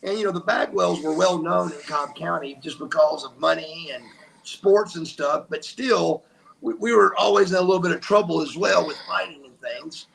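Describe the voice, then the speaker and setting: A man's voice: a little high, normal speed, vocal fry, fairly bright tone. An older man, telling stories as an interview guest, emphatic and acting out what people said. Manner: emphatic, acts out quotes. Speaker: guest, former wrestler. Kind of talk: animated storytelling.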